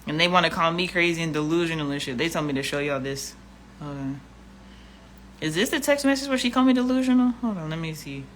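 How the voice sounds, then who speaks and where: A woman's voice: low voice, lively intonation, fast talker, a little hiss or hum. A woman vlogging in a casual, profane rant, blunt and exasperated, often repeating herself.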